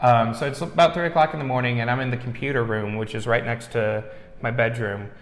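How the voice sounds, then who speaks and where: A man, a museum owner being interviewed, telling his stories in a relaxed way and often saying "you know". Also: medium pitch, fairly quick. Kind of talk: casual interview chat. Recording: echoey room with long reverb.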